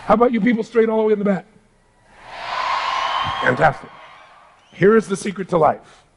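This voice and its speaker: A middle-aged man giving an animated motivational seminar talk to a live audience in a large hall, calling for responses. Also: sits high, vocal fry. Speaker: motivational speaker.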